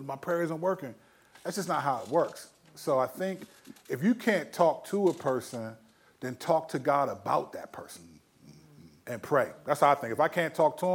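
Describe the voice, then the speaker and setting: A man hosting a faith talk show, casually giving Bible advice with easygoing slang and frequent chuckles. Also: a little high. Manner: laid-back and slangy, chuckles often, many restarts. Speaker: Christian podcast host answering questions.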